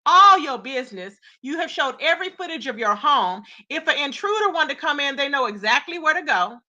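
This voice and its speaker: A woman's voice: sits high, lively intonation, a little fast, pushed and bright, dull audio. A woman hosting a live gossip commentary stream, reacting with incredulous rhetorical questions and greeting her chat. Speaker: commentary channel host.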